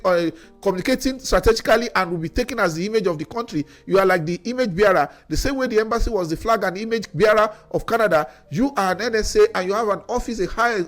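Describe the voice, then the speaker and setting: A Nigerian man with a Nigerian English accent giving an opinion monologue, grilling an official with rhetorical questions and stumbling over repeated words. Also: sits high. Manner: critical, addressing an official directly with rhetorical questions; repeats words when worked up. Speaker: commentator.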